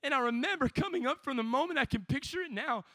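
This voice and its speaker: A young man preaching a sermon to young people at a camp, building from quiet storytelling to passionate shouting. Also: very high-pitched, animated, quick pace, no echo.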